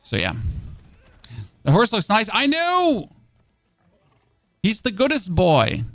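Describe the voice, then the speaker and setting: A man's voice: high voice, huge pitch swings, takes it slowly, a bit bright, no room sound. A German man with a German accent, a streamer giving casual gameplay commentary and answering chat in a chatty, self-mocking way with many fillers.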